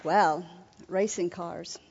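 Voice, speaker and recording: A woman's voice: on the low side, steady tone, slow pace, a crowd in the background, background noise. A woman minister giving an earnest sermon at a marriage seminar, with frequent restarts. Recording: lo-fi recording in a reverberant hall.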